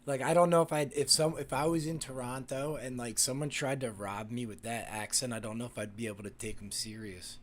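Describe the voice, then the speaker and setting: A man's voice: mid-range voice, steady tone, fairly quick, hardly any pauses. A man, hosting a casual live stream and chatting with viewers in a rambling, profane way, full of fillers and restarts.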